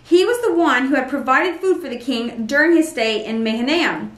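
A woman reads scripture aloud at a steady, plain pace. Her voice sits high. The sound is roomy, and she is some way from the mic. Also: normal speed. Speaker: Bible reader. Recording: roomy echo, mic at a distance.

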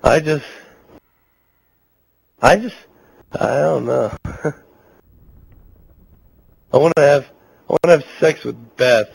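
A man's voice: a little high, slow, gravelly, pauses often, slightly rough, dry recording, low-quality recording. A drunk young man in casual gaming chat, giggling and rambling in a slurred voice. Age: young adult. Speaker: gamer on voice chat.

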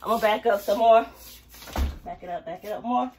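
A woman's voice: mid-range voice, fairly quick, a little mellow, slight background noise. A young woman vlogging her dance workout at home, chatty and out of breath, counting reps aloud to a distant camera. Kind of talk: casual workout vlog.

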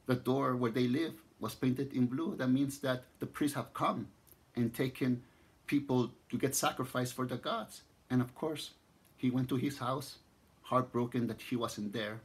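A man with a Mexican accent narrates a legend at a relaxed pace. His voice sits in the middle range, and he often circles back and restarts his phrases as the story unfolds. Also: husky. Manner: unhurried, repeats and restarts phrases, voices the figures with rising pitch. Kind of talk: spoken storytelling.

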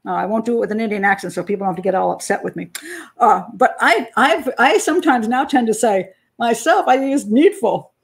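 An older woman from the United States talks casually on her live stream, a criminal profiler with a voice a touch higher than most. She laughs often and answers her viewers' comments as she goes. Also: a little fast, vocal fry, husky. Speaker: criminal profiler and channel host.

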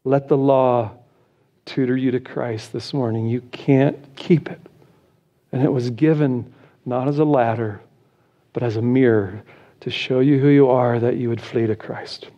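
American pastor preaching with rising intensity. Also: male voice, mid-range voice, steady tone, measured pace, dull audio. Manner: laughs between points. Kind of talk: sermon.

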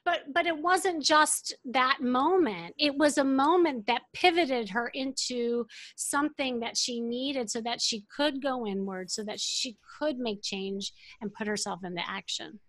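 Fast-telling dating coach, woman. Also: high voice, dry recording. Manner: animated, quick storytelling with lots of fillers. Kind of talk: storytelling interview answer.

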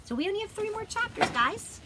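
Woman reading aloud outdoors, noisy. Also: very high-pitched. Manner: friendly, chatty with listeners. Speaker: storybook reader. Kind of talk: reading a children's chapter book aloud. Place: outdoors by a fire. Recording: loud outdoor noise. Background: wind and a barking dog.

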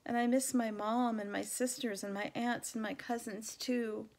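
Storybook baby elephant girl, tearful and pleading, pitched up high, as a woman reads her. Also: steady tone, normal speed, close to an everyday voice, poor audio. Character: young grieving female baby elephant.

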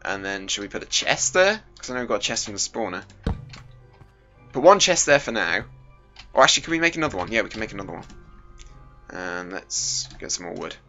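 A man's voice: fairly low pitch, very animated, a little fast, pauses often, bright, forceful tone. A British teenage boy rambling and joking as he plays, sweating in the heat, with a muffled home recording and faint music behind him. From Britain. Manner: rambling, jokey, puts on silly voices. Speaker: gaming YouTuber. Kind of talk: casual Minecraft let's play commentary.

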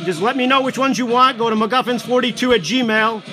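Loud, rambling man livestreaming with music. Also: very high voice, brisk. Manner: loud, rambling, talks to viewers while showing items. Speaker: livestream seller of collectibles. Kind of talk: casual live-stream chat. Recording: music playing behind. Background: background music.

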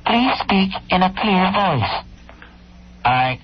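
A man's voice: high-pitched, sing-song, slow pace, a little hiss or hum, heavily acted. A man putting on a stiff, prim answering-machine greeting voice, on a dull radio recording. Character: fake male office voicemail greeting. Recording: dull radio audio with music.

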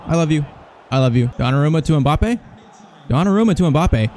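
A young man commentating over his own football video game, excitable and jokey, swinging between hype and mock despair. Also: a little high, fairly quick, a little hiss or hum. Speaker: gaming YouTuber.

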